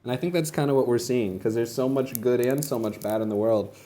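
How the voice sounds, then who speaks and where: A man's voice: mid-range voice, brisk, mellow. A young man rambling and joking in a casual comedic monologue while feeding animals.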